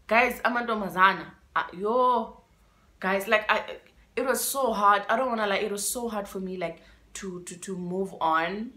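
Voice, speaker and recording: This young South African vlogger talks at normal speed and medium pitch, her delivery pushed and bright. Telling her story emotionally and dramatically, she repeats words for effect and alternates between English and isiXhosa.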